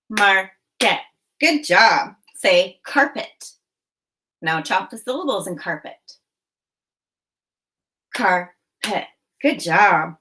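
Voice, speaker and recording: A woman leads a phonics lesson for children. She speaks very slowly and clearly, with encouraging prompts. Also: mid-range voice, a bit bright, slight background noise, low-quality recording. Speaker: teacher.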